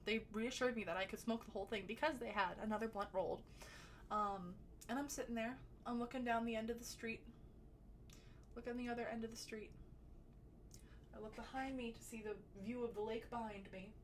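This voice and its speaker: A woman telling a personal story to camera in a chatty, animated way, with sudden loud bursts and some swearing. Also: on the high side, a little fast, a little hiss or hum. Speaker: storytelling vlogger. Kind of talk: casual storytime.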